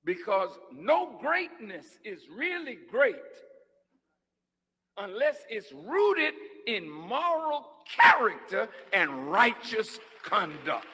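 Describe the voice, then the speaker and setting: A man preaching a sermon, teasing and conversational, dropping to hushed asides and then rising to shouts. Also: sits high, very animated, slow, husky. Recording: long hall reverb.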